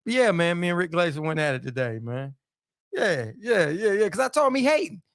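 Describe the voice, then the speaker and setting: A boxing talk show host chats loosely on a live stream, repeating himself and saying "man" and "you know" nearly every sentence. His high-pitched voice is very animated, fairly quick and a bit bright, in echo-free studio quality.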